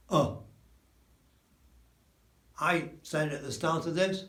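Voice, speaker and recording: A middle-aged man from England teaching Spanish pronunciation, slow and emphatic, repeating sounds to demonstrate them. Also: high voice, lively intonation. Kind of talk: spoken language lesson. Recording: echoey room.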